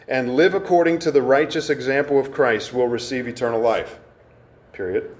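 A man preaching to a congregation in a conversational teaching style, asking questions of the room and slowing down to stress key words. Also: fairly high pitch, a little mellow. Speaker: pastor.

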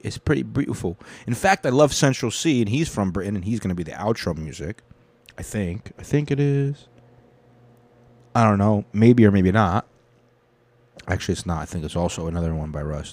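A man's voice: fairly low pitch, normal speed, darkish tone. A young man hosting a casual news commentary, rambling and swearing freely. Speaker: show host.

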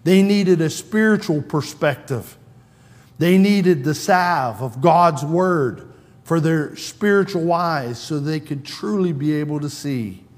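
A man's voice: a little high, takes it slowly, in a large hall. A man preaching a sermon in a conversational way, acting out quoted lines with a raised voice. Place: church sanctuary.

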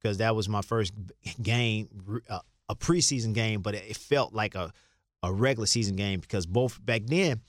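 The guest is an older ex-basketball player from Chicago telling meandering stories in a casual interview, with frequent restarts and acted-out dialogue. His pitch is fairly low and slightly bright. The sound is clean studio audio with no room sound.

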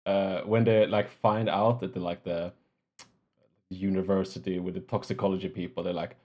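A man's voice: sits low, little pitch movement, normal speed, muffled recording. A man co-hosting a film podcast, enthusiastic and full of fillers and laughs. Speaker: podcast co-host. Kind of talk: casual film discussion.

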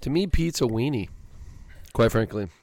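A man's voice: medium pitch, expressive, normal speed, a little mellow, no echo, clean studio sound. A young man co-hosting a podcast, chatting casually, joking and rambling with strong opinions. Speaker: podcast co-host. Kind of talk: casual chat.

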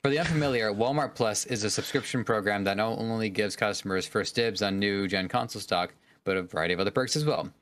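Male co-host, somewhat low-pitched, dry and self-mocking, casual chat. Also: fast talker, few pauses, fairly bright tone, a little hiss or hum. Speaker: podcast co-host. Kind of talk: casual podcast chat, reading from an article.

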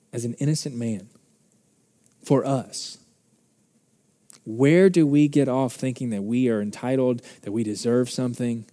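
Fervent preaching man, mellow voice. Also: medium pitch, big-room sound. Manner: impassioned, building to fervent peaks. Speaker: pastor. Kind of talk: sermon. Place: church sanctuary.

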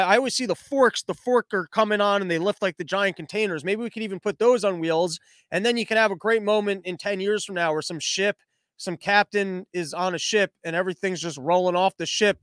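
A man's voice: high-pitched, fairly bright tone, dry recording, clean studio sound. A man hosting a podcast, giving casual, sarcastic commentary on the news in a rambling, mocking way. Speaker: podcast host.

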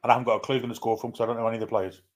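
Man, podcast panelist, casual chat, blunt, fast pace, mid pitch. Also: level tone.

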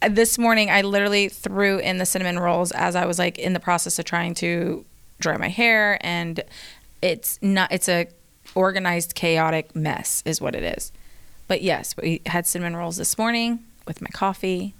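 A woman's voice: lowish voice, normal speed, creaky, clean tone. Chatty woman telling family stories. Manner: chatty storyteller, animated quoted voices. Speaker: co-host. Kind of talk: casual chat.

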